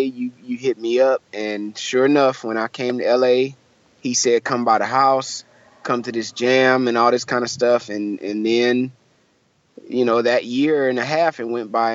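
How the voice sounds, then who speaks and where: A young man from Michigan tells a long story in a relaxed interview, acting out the quoted voices with plenty of likes and you-knows. His voice sits at a middle pitch. The sound is dry and a little dull. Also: no room sound. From Michigan, USA. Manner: animated storyteller, acts out quoted voices, lots of fillers. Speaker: musician guest.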